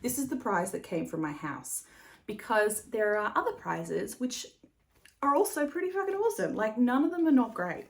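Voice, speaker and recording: A woman's voice: fairly high pitch, big pitch swings, moderate pace, gravelly. A woman hosting a knitting podcast in a casual, rambling chat, laughing often and swearing now and then. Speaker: podcast host.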